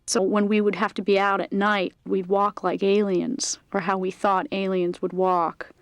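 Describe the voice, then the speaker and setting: A woman from San Francisco telling comic stories in a halting, hesitant way. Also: mid-range voice, little pitch movement, no room sound. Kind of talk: improvised comic storytelling.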